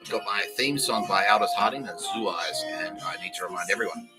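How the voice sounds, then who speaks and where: A man's voice: sits low, a little fast, over loud music, rough recording. A man hosting a comedy podcast, rambling through jokes, swearing and laughing at his own lines. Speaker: podcast host.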